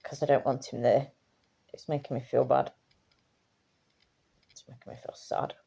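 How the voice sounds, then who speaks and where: Tired woman vlogging; low, dark, gravelly voice, loose and chatty. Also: flat delivery, moderate pace, dull audio. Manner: chatty, swears casually, trails off and restarts. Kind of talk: casual rambling chat.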